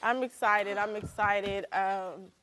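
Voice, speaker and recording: A woman's voice: medium pitch, fairly even intonation, slow, over a noisy crowd. A woman, a guest on a television talk show, speaking plainly and heartfelt. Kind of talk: casual talk show conversation. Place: television studio. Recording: studio audience audible behind.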